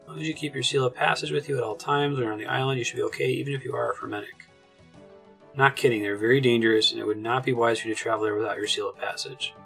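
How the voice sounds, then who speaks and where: A man voicing a gruff male pirate ship captain while reading game dialogue aloud. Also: mid-range voice, fairly even intonation, very fast, fairly bright tone, soft background music. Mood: stern.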